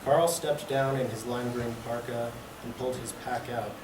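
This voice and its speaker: Male writer, plain steady prose reading, mid pitch, distant mic in a roomy hall. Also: moderate pace. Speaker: fiction writer reading his work. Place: public library reading event. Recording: echoey room, distant mic, background noise.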